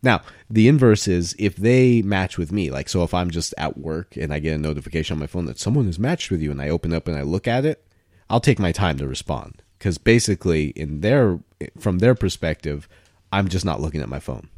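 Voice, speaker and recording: A man's voice: sits low, a little fast, dry recording, studio quality. A young man in casual chat, rambling and correcting himself as he talks. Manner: rambling, self-correcting, animated.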